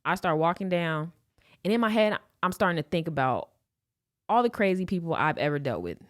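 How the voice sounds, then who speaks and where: A man's voice: fairly quick, no echo, studio quality. A young man from Los Angeles, a podcast co-host telling a story in casual chat, swearing freely and acting out quotes. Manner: animated storyteller, swears freely, acts out quotes with big pitch jumps.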